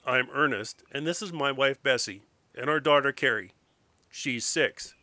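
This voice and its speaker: A man voicing a gruff, guarded backwoods father who speaks tersely. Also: medium pitch, measured pace, pushed and bright, no echo.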